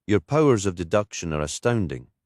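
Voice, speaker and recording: A man voicing a sharp-tongued Scottish female detective in her fifties, teasing and dry, for an audiobook. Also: low-pitched, sing-song, brisk, no room sound. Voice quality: rich, musical. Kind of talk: audiobook character voice.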